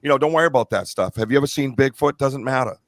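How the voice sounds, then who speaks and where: A man's voice: mid-range voice, racing, no echo. Middle-aged male podcast host, heartfelt and emotional, dry close recording. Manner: emotional, choked up, earnest. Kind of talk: casual podcast chat.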